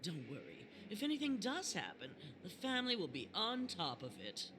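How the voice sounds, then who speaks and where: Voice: medium pitch, huge pitch swings, moderate pace, background noise. A performer voicing a boastful, well-off young tourist in a game dub.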